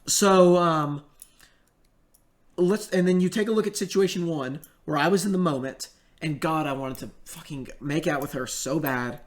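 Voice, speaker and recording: A man's voice: a little high, fairly bright tone. A young man telling a story in casual commentary, rambling and swearing, with many fillers and restarts.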